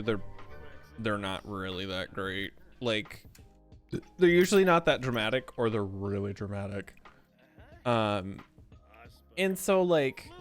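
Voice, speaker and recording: A man's voice: fairly low pitch, a bit bright. A man streaming a game and chatting casually in a rambling, candid way, full of fillers and restarts. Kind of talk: casual chat while streaming.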